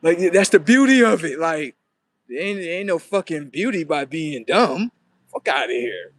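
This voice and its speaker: Male livestream host, higher than usual voice, loose and profane, rambling and preachy. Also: sing-song, moderate pace. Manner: profane, rambling, talks back to viewers. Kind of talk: casual livestream monologue.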